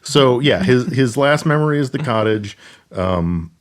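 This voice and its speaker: A man's voice: mid-range voice, expressive, a little slow. A man co-hosting a podcast, making wry asides while chatting casually about a movie. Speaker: podcast co-host. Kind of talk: casual movie-review chat.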